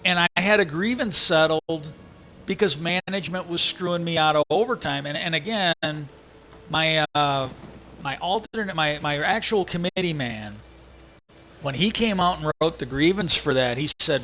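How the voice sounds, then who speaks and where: A high-voiced man goes off on a long, profane rant, tripping over his words and starting sentences again and again. His tone is bright and sharp, and faint rain patters in the background. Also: normal speed, slight background noise, poor audio. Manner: angry, profane, rambling with many restarts. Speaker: livestream host. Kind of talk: casual ranting monologue.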